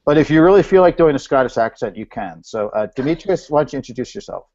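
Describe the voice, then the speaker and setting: Coming in over a video call from home, a man hosts an online meetup, joking casually and using loose fillers as he calls on people. His mid-range voice is animated, fast and a little mellow, and the video call microphone gives dull, lo-fi audio.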